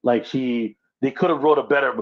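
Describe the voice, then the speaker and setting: A man's voice: mid-range voice, normal speed. A man co-hosting a casual pop-culture podcast, insistent and argumentative, repeating his points firmly. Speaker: podcast co-host. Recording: slightly dull lo-fi sound.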